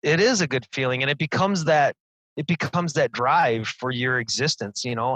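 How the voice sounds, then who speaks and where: A man's voice: medium pitch, normal speed, fairly bright tone, dry recording, rough recording. A middle-aged man co-hosting a casual podcast, enthusiastic, laughing often and repeating words as he talks. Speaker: podcast co-host.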